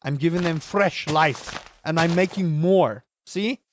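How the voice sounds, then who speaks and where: A man's voice: fairly high pitch, a little slow, slight background noise. A man giving playful, chatty let's-play commentary with jokey wordplay. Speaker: gaming host.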